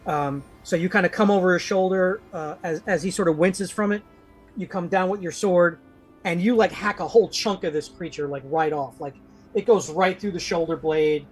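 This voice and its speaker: A man running a live tabletop game talks through the action in loose, filler-packed sentences. His voice has a husky, breathy edge. Light music plays underneath. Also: high voice, moderate pace. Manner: filler-heavy, rambling, descriptive. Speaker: game master.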